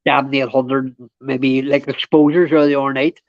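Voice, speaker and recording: A man's voice: medium pitch, flat delivery, unhurried, dry recording. A man, a guest on a livestream panel, swearing and calling people mate and darling. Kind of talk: casual livestream chat. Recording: dry lo-fi call audio.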